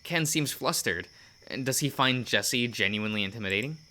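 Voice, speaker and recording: A man's voice: mid-range voice, animated, normal speed, pushed and bright. A man hosting a let's play and casually reading a visual novel aloud, with fillers and self-corrections.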